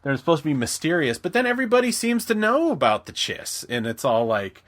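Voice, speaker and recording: A man's voice: a little high, big pitch swings, a little fast, a bit bright. A man co-hosting a podcast, talking casually and rambling with restarts, sometimes slipping into voices. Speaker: podcast co-host. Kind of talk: casual chat.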